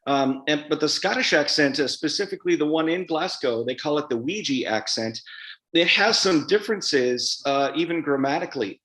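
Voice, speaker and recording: Author guest, man, upper-ish pitch, loose conversational rambling, roomy sound. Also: expressive, normal speed, a bit bright. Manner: chatty, rambling, frequent fillers and restarts. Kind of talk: live event interview.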